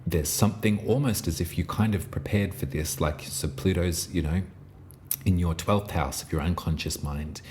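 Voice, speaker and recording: This intuitive tarot reading comes from a man whose voice is very deep and soothing. He drifts from idea to idea, often breaking off mid-phrase and starting again after lengthy silences, while a light hiss lingers behind him.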